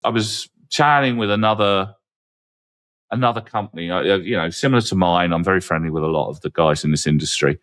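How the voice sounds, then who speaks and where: Deep-voiced wry man. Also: brisk, a bit bright. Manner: candid, wry and cynical, rambling with restarts. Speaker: podcast host. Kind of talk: casual panel chat.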